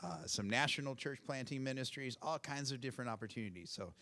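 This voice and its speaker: A man's voice: mid-range voice, animated, fast talker, pushed and bright. A middle-aged man with a cold, giving casual, upbeat announcements at a university chapel. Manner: upbeat, chatty, with fillers and repeated pleas. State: has a cold.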